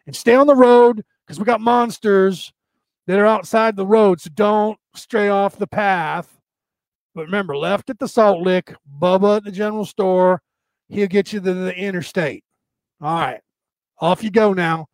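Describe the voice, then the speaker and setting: A sly country gas station man drawls his directions in a thick Southern accent, put on by a man. His voice sits high and the delivery is slow and mocking. The recording is dry and close. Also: dry recording. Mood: teasing.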